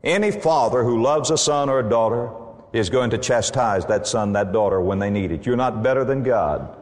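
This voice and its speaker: A man's voice: mid-range voice, moderate pace. A male pastor preaching a sermon, emphatic and quoting scripture. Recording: long hall reverb.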